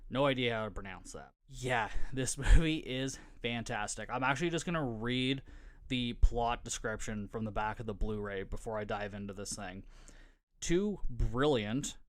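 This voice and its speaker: A man's voice: mid-range voice, normal speed. Swearing, joking podcast host man. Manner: profane, joking, laughs often. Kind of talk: casual movie recap.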